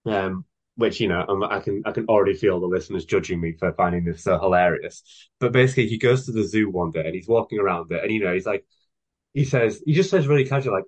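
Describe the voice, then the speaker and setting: A man's voice: low-pitched, fast talker. Man in his thirties, rambling enthusiast. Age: 30s. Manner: rambling, filler-heavy, enthusiastic. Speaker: author guest. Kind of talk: casual podcast chat. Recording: dull lo-fi podcast audio.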